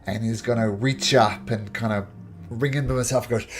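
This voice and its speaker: A man narrating as game master of a tabletop game, with lively, chuckling narration. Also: mid-range voice, normal speed.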